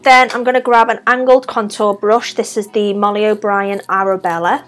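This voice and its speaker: A woman's voice: medium pitch, little pitch movement, moderate pace, soft background music. A young woman with a Scouse accent, chatting her way through a makeup tutorial step by step. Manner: chatty, talks through each step while applying makeup. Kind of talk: casual makeup tutorial narration.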